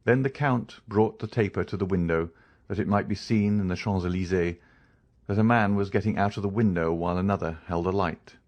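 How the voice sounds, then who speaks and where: A man narrating a classic novel as an audiobook in even, measured storytelling. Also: sits low, muffled recording.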